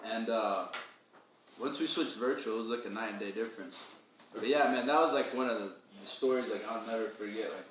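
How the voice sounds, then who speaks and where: A man's voice: fairly low pitch, a little fast, fairly bright tone. A young man, telling stories in casual chat with lots of slang and laughter. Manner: slangy, laughs often, says "bro" a lot. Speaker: podcast co-host. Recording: very echoey room, faint ambient noise.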